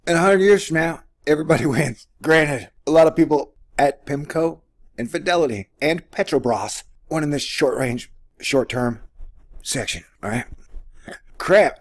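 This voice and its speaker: Male vlog host, mid-range voice, sarcastic commentary on a news story, wanders off on jokes. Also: medium pitch. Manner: rambling, jokey and sarcastic, with frequent asides. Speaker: host of an economics commentary channel. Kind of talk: casual commentary on a news article.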